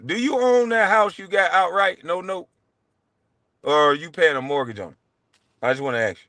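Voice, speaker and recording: A man hosting his own show, delivering a heated, profane solo rant, taunting and swinging between loud jabs and low mutters. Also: animated, normal speed, no room sound. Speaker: show host.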